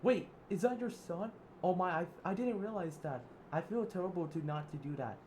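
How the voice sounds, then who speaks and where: A man's voice: fairly high pitch, animated, normal speed, a little mellow, slight background noise, voice pushed up, close to an everyday voice. A man voicing a cocky young troublemaker who taunts and mocks. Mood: taunting. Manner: taunting, mocking.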